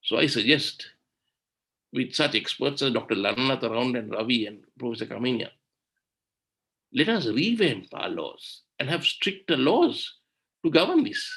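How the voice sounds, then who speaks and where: A man's voice: mid-range voice, sing-song, normal speed, a bit bright. A man giving an impassioned webinar talk on environmental law, indignant and full of rhetorical questions, over a video call. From Sri Lanka.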